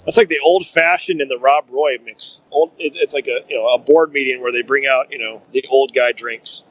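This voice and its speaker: A man's voice: mid-range voice, steady tone, moderate pace, a bit bright. A man co-hosting a podcast, talking casually about the tech industry with a rambling, joking style full of filler phrases. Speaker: podcast co-host. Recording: dull lo-fi audio.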